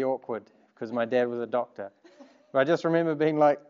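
A man's voice: medium pitch, fairly quick, a little mellow, clean tone, dull audio. A man preaching a sermon, earnest and conversational, turning to the congregation with asides. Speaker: pastor.

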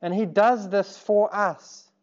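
A man's voice: sits high, fairly even intonation, slow pace, dull audio. A man preaching a sermon, earnest and conversational, turning to the congregation with asides. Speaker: pastor.

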